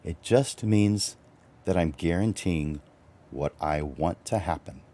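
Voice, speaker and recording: A middle-aged man hosting a livestreamed business coaching talk for photographers, animated and chuckling, his voice jumping up high for emphasis. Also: takes it slowly. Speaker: host and photographer.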